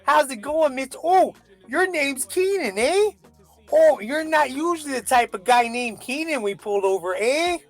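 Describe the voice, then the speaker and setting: A man's voice: extremely high pitch, animated, faint music behind, pitched above the performer's own voice. A man voicing a friendly male traffic cop with a Northern Canadian accent, chummy and folksy. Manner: chummy, folksy, drawn-out questions.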